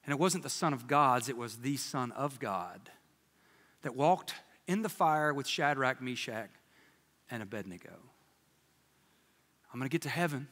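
A man preaching a sermon as pastor, telling stories in an animated, joking way with playful quoted voices, in a church sanctuary. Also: medium pitch, a little slow, pauses often, long reverb tail.

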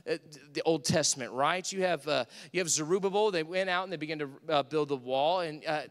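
A man's voice: fairly high pitch, bright, forceful tone. A man preaching an impassioned sermon in a church sanctuary, repeating phrases for emphasis. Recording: long hall reverb.

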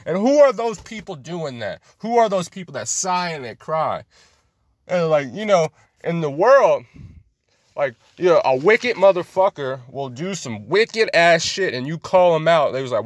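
A man's voice: a little high, sing-song, moderate pace, no room sound, clean studio sound. A man teaching a scripture lesson in a street style, preachy, emphatic and full of profanity.

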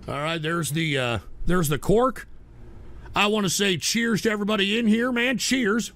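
A man hosting a live stream show, exasperated and profane, ranting and breaking into shouting outbursts. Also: high-pitched, normal speed. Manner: profane and comedic. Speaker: livestream show host.

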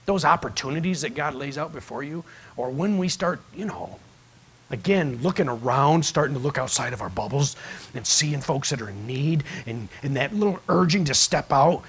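Husky guy preaching in church, slightly high voice, chatty storytelling, does little voices for the people in it. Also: expressive, normal speed. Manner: conversational storytelling, acts out voices in his stories. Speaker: pastor. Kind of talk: sermon. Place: church sanctuary.

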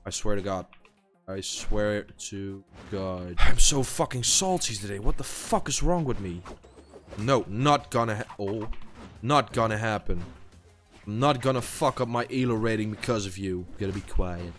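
A man's voice: on the low side, expressive, moderate pace, a bit bright, faint music behind. A tired young man, a non-native English speaker, swearing and muttering to himself during gameplay commentary. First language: not English. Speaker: gaming YouTuber.

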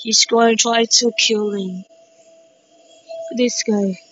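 A woman giving excited gameplay commentary, shrieking exclamations and repeating herself. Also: a little high, slow, dry recording, soft background music. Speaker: gaming commentator. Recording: dry, dull lo-fi mic.

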